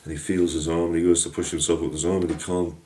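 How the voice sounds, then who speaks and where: A man telling a folk tale in a lively, homely storytelling way. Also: low voice, very fast. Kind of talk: storytelling narration. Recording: echoey room, distant mic.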